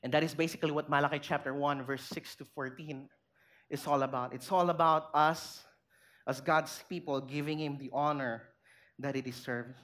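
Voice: medium pitch, steady tone, normal speed, a bit bright. A pastor preaching a sermon in church, making emphatic points and putting rhetorical questions to the congregation.

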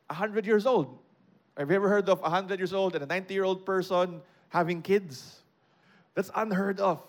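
High-voiced Filipino man preaching. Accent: Filipino, mixing English with Cebuano. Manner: explains a scripture passage, code-switching and raising his voice for emphasis. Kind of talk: sermon teaching.

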